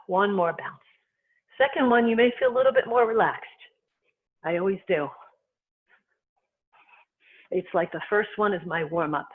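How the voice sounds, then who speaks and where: Qigong teacher on a tinny line. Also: mid-range voice. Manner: calm, unhurried cueing in short phrases. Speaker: qigong instructor. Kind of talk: guided movement and breathing instruction. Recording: tinny phone-like sound.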